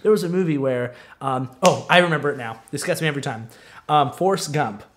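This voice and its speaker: A man with a voice pitched a little high chats loosely as a podcast co-host. He wanders from one tangent to the next, filling pauses with ums and restarting sentences. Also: a little hiss or hum. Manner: rambling, drifts into tangents with many ums. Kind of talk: casual chat.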